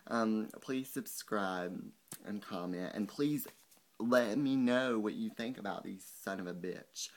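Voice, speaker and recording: Young male vlogger, lowish voice, angry profane rant to camera. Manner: profane, fast ranting with mocking quotes.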